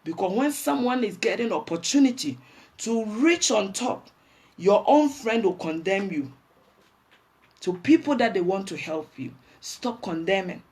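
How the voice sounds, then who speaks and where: A woman's voice: medium pitch, lively intonation, a little slow, darkish tone. A woman with a Ghanaian accent, hosting a livestream and delivering a blunt, preachy rant that scolds her viewers. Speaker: livestream host.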